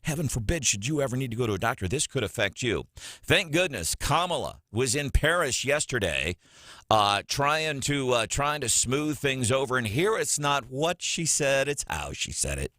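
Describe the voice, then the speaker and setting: Male radio host, chatty and expressive, lively pitch, dry close sound. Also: moderate pace, no echo. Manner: chatty, animated, laughs often. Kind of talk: morning radio talk. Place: radio studio.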